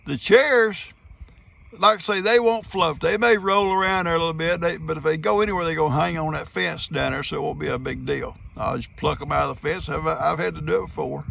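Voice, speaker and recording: A man's voice: on the high side, fairly quick, creaky, a bit bright, dry recording. A man with a Southern US accent, outdoors by flooded fields, giving an easygoing, plain-spoken video update. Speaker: farm video host.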